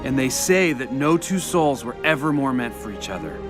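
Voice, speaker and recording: An earnest young man, voiced by an actor in an animated film, telling a legend in a hushed, respectful tone. A film score plays clearly beneath his lines. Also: medium pitch, normal speed, over music, close to an everyday voice. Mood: reverent.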